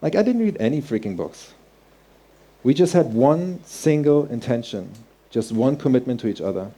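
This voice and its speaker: A man voicing his gentle, loving father, who speaks plainly and reassuringly. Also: medium pitch, expressive, moderate pace.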